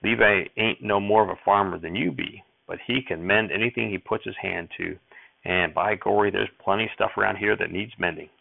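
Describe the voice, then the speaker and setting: A man's voice: lowish voice, a little fast, gravelly, no room sound. A man voicing an irritable old farmer grandfather who snaps orders in rustic country dialect, recorded with tinny phone-like sound. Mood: grumbling.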